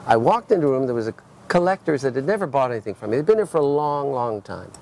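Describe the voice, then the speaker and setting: A man's voice: medium pitch, animated, fast talker, creaky, a little mellow. Stammering man telling gallery stories. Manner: stammers and restarts, repeating words as he tells a story. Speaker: art dealer. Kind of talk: casual conversation, telling anecdotes. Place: restaurant.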